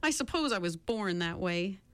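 A woman's voice: medium pitch, expressive, normal speed, a bit bright, clear, resonant tone, natural voice. A woman reading a storybook, voicing a big cowardly male lion who talks plaintively about his fears. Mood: sorrowful.

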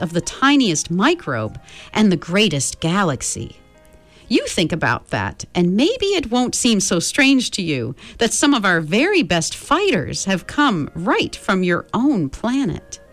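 A woman's voice: medium pitch, fairly bright tone. A woman voicing a kind, comforting old female being who speaks soothingly and calls the children dear, in a storybook reading.

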